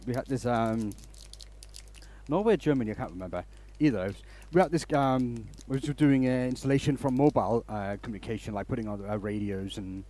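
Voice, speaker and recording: A man's voice: medium pitch, a little mellow. A man hosting a woodturning live stream in a workshop, chatting casually and rambling through stories.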